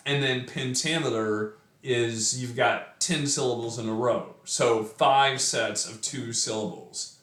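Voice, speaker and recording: A man's voice: medium pitch, a bit bright, roomy sound. A man giving an informal lesson on a poem, thinking aloud with many fillers and restarts. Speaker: poetry teacher. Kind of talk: informal poetry lecture.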